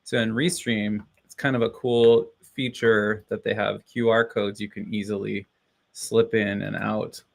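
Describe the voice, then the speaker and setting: A man's voice: on the low side, little pitch movement, unhurried, creaky. A man chatting casually on a live stream, rambling and cheering himself on with frequent laughs. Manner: rambling, self-encouraging, laughs often.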